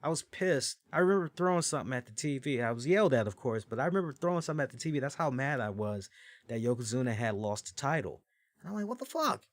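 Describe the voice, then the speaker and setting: A man in his forties hosting a podcast, telling stories in casual, animated commentary, with swearing and frequent fillers. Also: mid-range voice, quick pace, no room sound. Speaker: podcast host. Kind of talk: casual wrestling review commentary.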